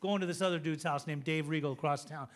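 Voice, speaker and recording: A man in his fifties giving a recovery testimony, telling his story in an animated, joking way. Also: a little high, quick pace. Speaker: recovery speaker.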